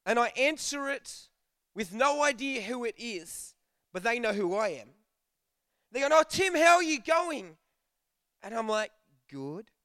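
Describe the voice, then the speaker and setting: A man's voice: very high-pitched, a bit bright, clean tone, dry recording, studio quality. A young man giving a casual, joking sermon to a youth group, telling stories and acting out bits of dialogue. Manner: chatty, jokey, acts out dialogue. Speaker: youth preacher.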